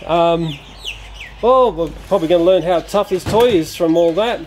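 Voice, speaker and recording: A man's voice: sits high, normal speed, slight background noise. A man casually reviewing a toy playset, chatty and given to exclamations like "oh dear.".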